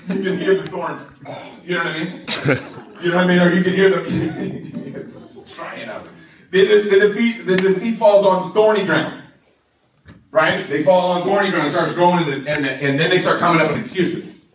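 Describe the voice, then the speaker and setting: A man giving an energetic, excitable motivational training talk to a live audience in a large room, laughing often and asking "right?" a lot. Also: sits high, moderate pace. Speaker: sales trainer. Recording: echoey room, voice from far off.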